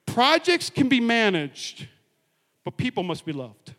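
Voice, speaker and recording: High bright-voiced male pastor preaching. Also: unhurried, long reverb tail. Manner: energetic, joking, rallying the crowd with call-and-response. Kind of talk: sermon. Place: large church auditorium.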